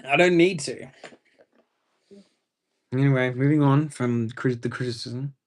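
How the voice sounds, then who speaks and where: A man's voice: mid-range voice, unhurried. A young man with an Australian accent chatting casually on a live stream from a room at home, rambling in enthusiastic fan commentary.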